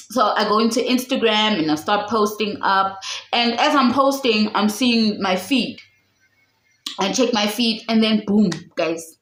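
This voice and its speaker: Young girl telling a story to camera, kinda high voice, dramatic, laughs a lot, echoey room. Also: fairly bright tone. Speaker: vlogger.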